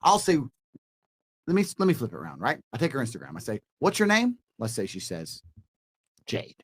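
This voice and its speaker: A man on a podcast explaining dating advice to a panel, emphatic and coaching, dropping into a calm low voice to act out his lines, recorded on a studio mic. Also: quick pace, slightly rough. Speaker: podcast guest. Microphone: studio microphone.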